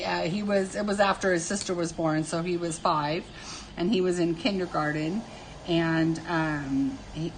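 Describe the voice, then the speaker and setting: A middle-aged woman chats slowly and easily on her live stream. She answers viewers' comments and tells family stories, breaking into laughter often. Faint noise sits under her voice. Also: lowish voice, fairly bright tone. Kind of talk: casual live-stream chat.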